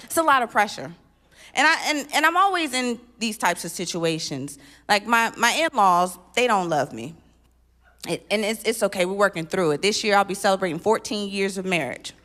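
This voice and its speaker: A woman performing a stand-up comedy set on a church stage, with punchy, animated delivery and sudden loud exclamations. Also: medium pitch, normal speed. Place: live stage at a church event.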